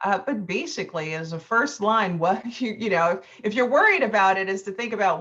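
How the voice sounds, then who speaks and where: A woman's voice: medium pitch, animated, fairly quick, hardly any pauses, a bit bright, muffled recording. A woman law professor giving an impassioned lecture, telling a story with rising emphasis.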